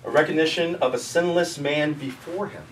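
A man leads a group study in a relaxed teaching tone, chatting with his listeners and putting questions to them. He sits well back from the mic in an echoey church room. Faint noise hums underneath. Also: fairly high pitch, normal speed, recorded from a distance. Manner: conversational, asks the group questions. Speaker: Bible study leader. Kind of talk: casual teaching.

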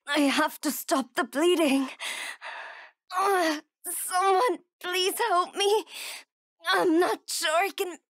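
An actress voicing a frightened young woman from Texas in a video game, wounded and hiding, whispering to herself to keep calm. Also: sits high, a little slow, few pauses, no room sound, studio quality. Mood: pained. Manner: whispers and talks herself through danger. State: wounded and in pain. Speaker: game character.

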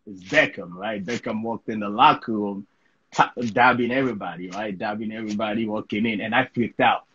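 A man from Sierra Leone telling a story in a casual interview, lively and full of repeated words and "right?" tags. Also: on the low side, a little fast, highs cut off, a little hiss or hum. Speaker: interview guest, pro soccer player.

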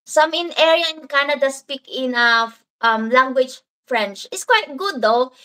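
A woman with a Filipino accent hosts an unhurried live stream, chatting her way through viewer comments. Her high voice rings bright and clear, and she drifts easily between English and Filipino words. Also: lively intonation, low-quality recording. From Philippines (Davao). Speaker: livestream host.

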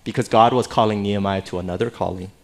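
Pastor man preaching, conversational and animated. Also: fairly low pitch, fast. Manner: conversational, animated, jokes with the congregation, frequent "right?". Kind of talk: sermon. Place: church sanctuary.

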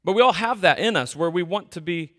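A man preaches in a church sanctuary, his fairly high voice ringing out with long reverb. He talks like he is chatting, poking fun at himself and acting out the stories. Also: a little fast. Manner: conversational, self-deprecating, animated storytelling. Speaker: pastor. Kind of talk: sermon.

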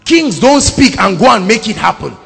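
A Nigerian man preaching a sermon, swinging from loud shouted declarations to low quiet asides. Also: very animated, moderate pace, gravelly. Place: large church hall. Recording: echoing hall with faint music.

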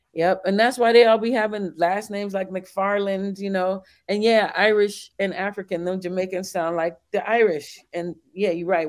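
Man in casual podcast talk, high voice, easygoing, shares nerdy facts. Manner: laid-back, chatty, nerdy asides, laughs often.

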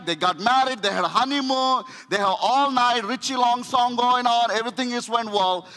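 Male pastor preaching, high voice, storytelling w lots of restarts, echoey church hall. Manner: animated storytelling with frequent restarts. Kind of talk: sermon. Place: church sanctuary.

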